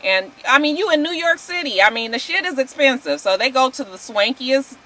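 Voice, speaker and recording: A woman's voice: sits high, lively intonation, a little fast, pushed and bright. A woman recapping a reality show in casual, blunt talk, swearing freely and calling her viewers y'all. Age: 40s.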